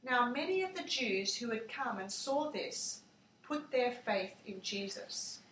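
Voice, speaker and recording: A woman reads a Bible story aloud in a slow, measured storytelling manner. Her voice is high and bright. The sound comes from a distance in an echoey room with faint ambience behind her. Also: expressive, a little hiss or hum. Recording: echoey room, mic far off.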